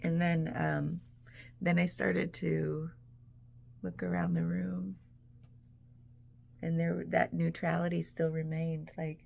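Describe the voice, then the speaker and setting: A woman's voice: lowish voice, flat delivery, takes it slowly, vocal fry, long pauses, darkish tone. A woman vlogger talking in a casual, rambling way, full of "like"s and easy laughs. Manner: rambling, chatty, laughs often, many "like"s. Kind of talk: casual reflective monologue.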